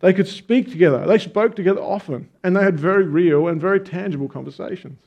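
A man's voice: sits high, quick pace, gravelly. A man preaching a conversational sermon, telling stories with emphatic stresses. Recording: dull lo-fi sound.

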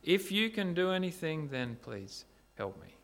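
A male pastor preaches a sermon, telling the story in a lively, animated way and putting rhetorical questions to his listeners. His voice sits a little high, with a gravelly, fry-laden texture. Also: a little slow.

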